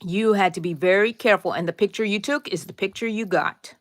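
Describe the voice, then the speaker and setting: A middle-aged woman talks through a live crochet lesson in a loose, chatty way, wandering off into side stories before coming back to the stitches. Her voice sits at an ordinary middle pitch and is recorded close and dry, with no room sound around it. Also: brisk, no room sound. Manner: rambling, chatty storyteller who drifts into side stories; answers viewer chat by name. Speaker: crochet tutorial host. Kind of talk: casual live-stream tutorial chat.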